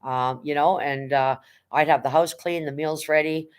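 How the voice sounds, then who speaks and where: A woman's voice: sits low, fairly even intonation, moderate pace, smooth. A middle-aged woman hosting a casual livestream, rambling about her past jobs and greeting viewers by name, blunt and now and then swearing. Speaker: livestream host.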